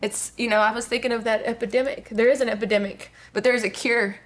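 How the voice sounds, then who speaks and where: A woman's voice: a little high, steady tone, fast talker. A woman, a guest giving an earnest personal testimony with many fillers. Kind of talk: personal testimony on a talk show.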